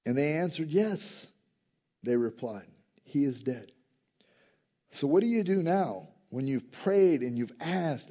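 A man preaching a sermon, moving between quiet reflective passages and loud, emphatic rises, often asking his listeners direct questions. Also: mid-range voice, lo-fi sound.

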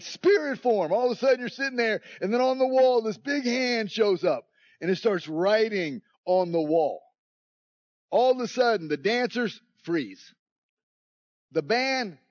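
Male preacher, high voice, vivid storytelling, dry close sound, slightly dull recording. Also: dry recording. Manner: dramatic storytelling, acts out scenes. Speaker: pastor. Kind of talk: sermon.

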